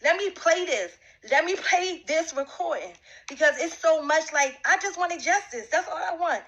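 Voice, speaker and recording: A woman speaks to camera in a confrontational rant, aiming accusation after accusation at a man. Her voice sits high for a woman and sounds bright and sharp. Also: low-quality recording. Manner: repetitive, accusing, talks straight at one man. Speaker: vlogger addressing a rival.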